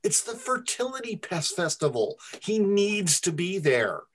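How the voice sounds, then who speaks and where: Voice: mid-range voice, big pitch swings, unhurried, voice pushed up. A reader voicing a pushy chipper mayor. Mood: insistent. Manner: insistent, chipper. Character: eager pushy male village mayor. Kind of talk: storytelling reading among friends.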